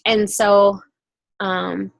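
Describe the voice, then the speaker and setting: A woman leads a team call in a loose, chatty way, full of fillers. Her voice has a gravelly creak, and she comes through a video call mic. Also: medium pitch, level tone, very slow. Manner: chatty, filler-heavy storytelling. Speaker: team coach hosting a call.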